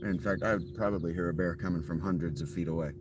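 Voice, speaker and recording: Male gaming streamer, deep-leaning voice, deadpan profane chatter over steady background noise. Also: quick pace. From Ohio. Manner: dry, offhand, profane. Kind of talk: casual live game commentary.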